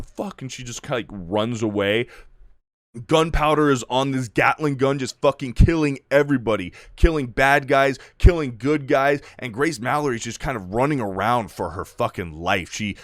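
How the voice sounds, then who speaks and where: A man's voice: lowish voice, a bit bright, no room sound. A man giving a casual, profanity-heavy spoken review and loosely recapping a plot as the channel's host. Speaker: video reviewer.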